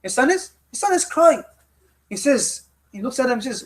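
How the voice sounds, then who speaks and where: A man with a strikingly high voice tells a story to a youth study circle. He talks in a lecture manner, circling back and repeating phrases for emphasis. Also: big pitch swings, normal speed. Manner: repeats phrases for emphasis, often restarts lines.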